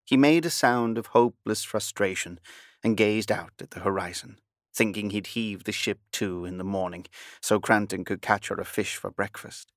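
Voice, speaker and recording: Male audiobook narrator, measured storytelling delivery, in a low register, dry recording. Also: no room sound. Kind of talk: scripted narration.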